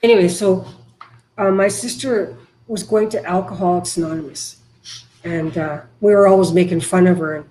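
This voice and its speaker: A middle-aged woman from Canada speaking frankly and haltingly as a podcast guest about her past. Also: lowish voice, fairly even intonation, warm tone, a little hiss or hum, poor audio. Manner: frank, halting, emotional at times. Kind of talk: candid recovery interview.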